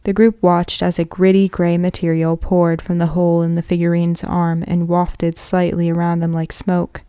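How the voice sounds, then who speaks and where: Woman reading a book aloud, plain, self-correcting, mellow, dry sound. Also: on the low side, completely flat delivery, moderate pace, clean tone, no echo. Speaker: reader.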